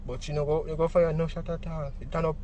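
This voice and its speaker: A man's voice: on the high side, level tone, quick pace, dark tone, lo-fi sound, a little hiss or hum. A man with a Jamaican accent giving a vivid eyewitness account in patois, acting out what others said. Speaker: witness.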